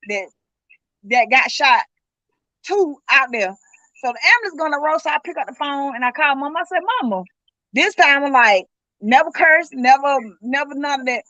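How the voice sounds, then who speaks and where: A middle-aged woman recounts the night her son died, earnest and vivid, acting out what each person said. Her voice sits high and bright. The sound is dry and dull, like lo-fi call audio. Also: no room sound. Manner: earnest, speaks in vivid retold dialogue. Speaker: guest, grieving mother. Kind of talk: emotional personal account.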